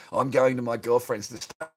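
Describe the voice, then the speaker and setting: A man's voice: mid-range voice, steady tone, moderate pace, over music. A middle-aged man with an Australian accent, ranting in a profane, repetitive, bitter monologue to his stream.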